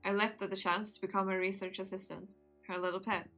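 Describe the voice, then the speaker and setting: A brooding young vampire nobleman tells of his past in a measured, somber way, voiced by a woman reading a visual novel aloud. The tone stays bright and clear, close to an everyday reading voice. Soft music plays faintly behind. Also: medium pitch, little pitch movement. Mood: rueful. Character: rueful young nobleman turned vampire, a queen's son.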